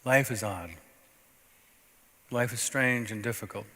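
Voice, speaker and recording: A man preaching a sermon as a pastor, telling a story in a conversational way with sudden swings between loud and soft. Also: mid-range voice, measured pace. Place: church sanctuary. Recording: long reverb of a church sanctuary.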